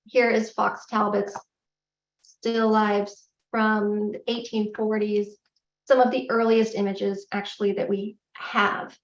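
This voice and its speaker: A middle-aged woman giving a public lecture in a candid, self-deprecating, animated way. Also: mid-range voice, slow. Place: lecture hall. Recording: echoey hall, distant, dull lo-fi.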